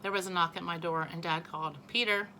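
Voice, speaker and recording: A woman teacher reading a children's novel aloud, expressive and correcting her own small slips. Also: on the low side, quick pace, a little hiss or hum, poor audio.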